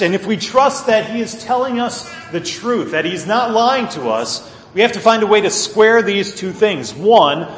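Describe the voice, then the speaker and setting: A pastor preaching a sermon with earnest emphasis, swinging between loud stresses and quiet low asides. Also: male voice, reverberant, long reverb tail, a little hiss or hum.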